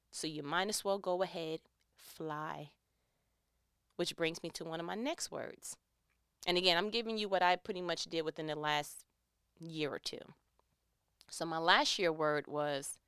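A woman from New York with a New York accent, giving a lively, laughing faith talk and acting out little quoted scenes. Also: lowish voice, clean tone, dry recording, clean studio sound. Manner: animated, laughing, acts out quotes.

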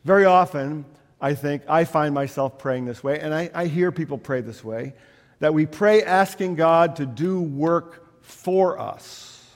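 A man preaches in a church, his voice a touch higher than most, carried by a long, ringing reverb in the hall. He tells stories casually and drops into soft asides before lifting again. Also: unhurried. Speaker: pastor. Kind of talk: sermon. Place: church sanctuary.

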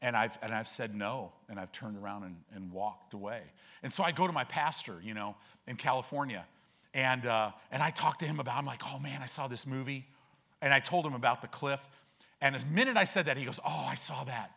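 A man's voice: medium pitch, brisk, sharp tone. Older male pastor, conversational sermon. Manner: conversational storytelling, rising to emphatic declarations. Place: church sanctuary.

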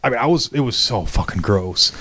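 A man's voice: mid-range voice, a little fast. A man from Michigan telling a wild story in casual podcast chat, swearing often and laughing as he goes. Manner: profane, laughing, animated storytelling.

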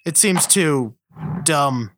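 A man's voice: a little high, lively intonation, very slow, fairly bright tone, no room sound, clean studio sound. A man co-hosting a casual movie-review podcast, blunt and sarcastic, swearing freely. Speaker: podcast co-host.

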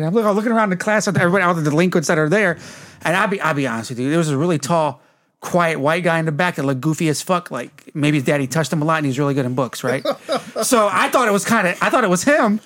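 A man from Detroit spins a rambling, profane story in casual chat. He talks fast, in a slightly high voice, and laughs between lines. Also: fairly bright tone. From Detroit, Michigan. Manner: rambling, profane, laughs while telling stories. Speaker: podcast co-host.

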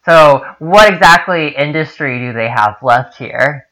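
A blunt, heated speaker with a middle-pitched voice swears freely in a casual podcast chat. The delivery is direct and punchy. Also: expressive, measured pace, a bit bright, low-quality recording.

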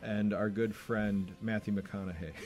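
A man hosting a casual podcast, joking loudly and bursting into laughter while drinking. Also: fairly even intonation, a little slow. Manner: loud laughing, jokey, swooping pitch. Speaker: podcast host. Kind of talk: drunken casual chat.

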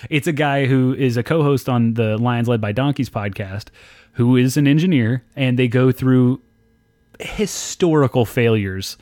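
A man's voice: medium pitch, measured pace, no room sound, studio quality. Ranting, foul-mouthed podcast man. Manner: animated, swears heavily, ranting. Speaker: podcast co-host. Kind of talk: casual profane podcast chat.

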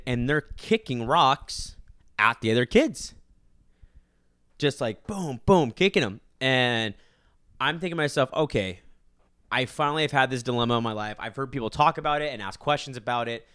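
A man telling a story in casual chat, animated and acting out quotes, swearing casually. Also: medium pitch, moderate pace, smooth, dry recording, studio quality.

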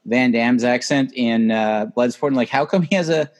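A man co-hosting a casual film podcast, retelling scenes in an animated way and acting out the lines. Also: medium pitch, normal speed. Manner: animated storyteller who acts out lines. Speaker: podcast co-host. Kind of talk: casual chat about a film.

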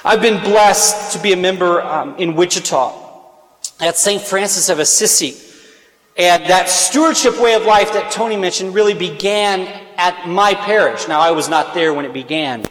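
A man's voice: sits high, fairly bright tone. A man preaching a sermon in earnest tones, rising to emphatic peaks on his key points. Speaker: speaker on stewardship. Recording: echoey hall reverb.

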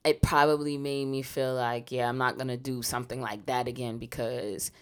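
Very deep-voiced woman, casual podcast host. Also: steady tone, normal speed, clear, resonant tone. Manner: frank, laughs easily, fills with "you know". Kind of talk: casual chat.

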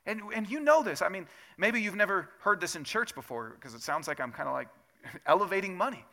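A man preaching a sermon as pastor, talking to the congregation in a conversational way, asking rhetorical questions and building to loud, emphatic peaks. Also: high voice, animated, brisk. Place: church sanctuary.

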